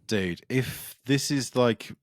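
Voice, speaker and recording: A man's voice: medium pitch, slow, no room sound, clean studio sound. A man co-hosting a music podcast, chatting casually and enthusiastically about upcoming records, rambling with lots of fillers. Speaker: podcast co-host.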